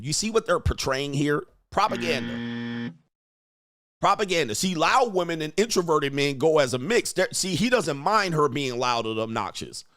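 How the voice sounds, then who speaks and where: A man's voice: a little high, a bit bright, dry recording, studio quality. A man hosting his own stream, giving blunt, mocking commentary while reacting to a clip. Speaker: host.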